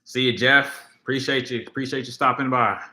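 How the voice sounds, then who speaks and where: A man's voice: medium pitch, fairly even intonation, fairly quick, bright, forceful tone, roomy sound. A man hosting a casual livestream, rambling and reading viewers' comments aloud as he talks. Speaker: livestream host.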